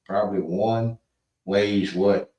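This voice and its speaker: Middle-aged male co-host, rambling storyteller, low voice, distant and roomy. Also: steady tone, slow pace, warm tone. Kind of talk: casual storytelling chat.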